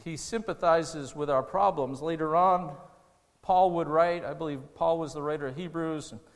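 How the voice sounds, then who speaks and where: A man's voice: fairly high pitch, moderate pace. Earnest preaching man in a hall. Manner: earnest, conversational preaching with restarts and rising emotional peaks. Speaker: pastor. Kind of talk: sermon.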